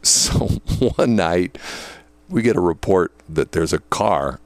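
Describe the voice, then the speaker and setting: Deep gravelly man telling stories. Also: animated, slow, no echo. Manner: rambling, full of "you know" fillers and laughter. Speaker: former police dispatcher. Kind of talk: casual storytelling.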